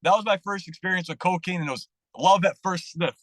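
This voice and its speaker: A man with a fairly high voice tells his story as a podcast guest. He talks candidly and freely swears. The sound is close and dry. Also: fairly quick, no room sound, poor audio. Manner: candid, profane and animated, acting out dialogue. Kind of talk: casual storytelling interview.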